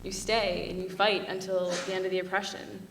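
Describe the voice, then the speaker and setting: A young woman speaks on a panel with earnest passion, chatty and peppered with "like." Her voice is bright and clear-edged. It carries from a distance through a reverberant hall with faint noise underneath. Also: mid-range voice, flat delivery, normal speed. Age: young adult. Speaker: student panelist. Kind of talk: panel talk. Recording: echoey hall from far off.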